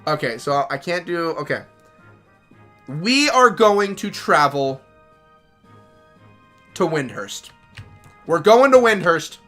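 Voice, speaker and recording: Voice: mid-range voice, sing-song, takes it slowly, long pauses, fairly bright tone, soft background music. A gaming streamer giving casual, rambling commentary as they play, joking and self-deprecating.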